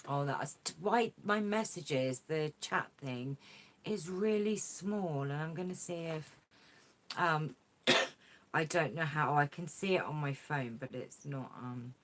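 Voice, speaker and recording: Low-pitched woman, casual live-stream host, chatty and effusive, tablet mic at home. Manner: chatty, rambling, effusive, many fillers. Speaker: craft vlogger hosting a live chat. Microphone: tablet camera mic.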